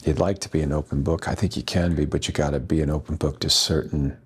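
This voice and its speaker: A man's voice: a bass voice, steady tone, fast talker, husky. A man being interviewed as a guest actor, telling earnest, rambling stories full of restarts. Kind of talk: anecdotal interview storytelling.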